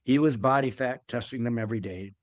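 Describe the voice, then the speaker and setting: A man's voice: mid-range voice, fairly quick, dry recording, clean studio sound. An older man, a guest in an interview, telling a long career story in a rambling way, often repeating words and filling with "uh". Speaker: guest, former athletic director. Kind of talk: conversational storytelling.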